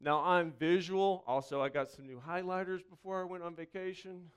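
Animated preacher man with a smooth, resonant voice. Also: sits high. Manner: hushed, slow prayer. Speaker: pastor. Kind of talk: sermon with prayer.

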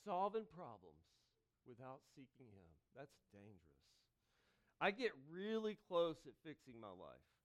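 A man preaching to his congregation, with dynamic delivery that swings from loud calls to hushed pleas and a conversational tone full of asides. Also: a little high, big pitch swings, measured pace, lo-fi sound. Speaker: pastor. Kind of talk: sermon. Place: church sanctuary.

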